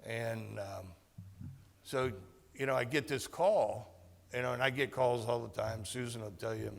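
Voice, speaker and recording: A man giving a speech to a club meeting, telling a personal story in a halting way with many fillers and restarts. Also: mid-range voice, vocal fry, big-room sound. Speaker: guest speaker at a club meeting. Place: meeting hall.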